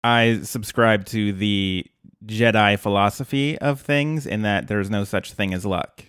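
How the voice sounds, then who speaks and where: A man co-hosting a casual podcast, teasing his partner with deadpan jokes. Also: lowish voice, unhurried, clean tone, no echo, clean studio sound. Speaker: podcast co-host.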